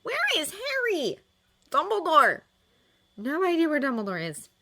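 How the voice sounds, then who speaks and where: Lady doing a scared little witch girl, way up high, breathless and urgent. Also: huge pitch swings, unhurried, sharp tone, exaggerated voice. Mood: concerned. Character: frightened young schoolgirl witch.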